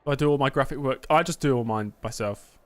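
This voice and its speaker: In front of a green screen indoors, a man streams a racing game and trades banter with chat in a mock press conference, calling viewers "mate." He has a mid-range voice and talks a little fast. The recording is dry.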